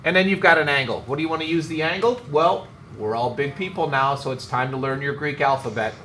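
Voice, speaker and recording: A man's voice: fairly high pitch, fairly quick, pushed and bright. A man teaching a math class, joking and teasing his students as he works through problems. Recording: echoey classroom, some noise.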